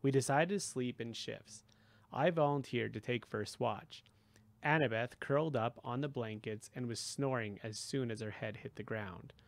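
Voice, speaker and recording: A man narrates an audiobook in a steady, unhurried way, his mid-range voice carrying a gravelly texture. The recording is close and completely dry, with no room sound. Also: medium pitch, no echo. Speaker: audiobook reader. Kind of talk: first-person audiobook narration.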